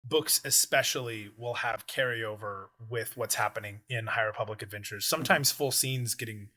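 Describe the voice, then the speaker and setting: A man with a bright, ringing voice hosts a relaxed podcast conversation. He talks in an animated way and slips into quick impressions when retelling scenes. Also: lowish voice. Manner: animated, acts out quoted characters in passing. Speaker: podcast host. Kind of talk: casual podcast chat.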